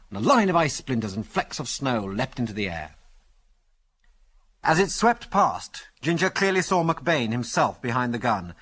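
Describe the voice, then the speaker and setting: A man narrating an adventure story with a husky edge to his voice. His delivery is animated, the pitch rising and falling widely to carry the drama. A mid-pitched, storytelling reader.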